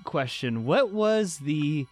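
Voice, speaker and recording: A man's voice: a little high, sing-song, slow pace, faint music behind. A man co-hosting a casual podcast about a movie, laughing often as he talks. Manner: laughs often while talking. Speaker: podcast co-host.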